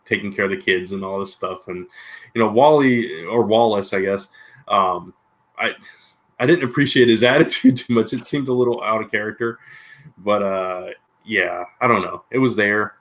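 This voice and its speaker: A man's voice: lowish voice, normal speed, fairly bright tone. A man co-hosting a casual livestream podcast, rambling and hesitant with lots of filler. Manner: rambling, hesitant, full of "you know". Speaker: comic book podcast co-host.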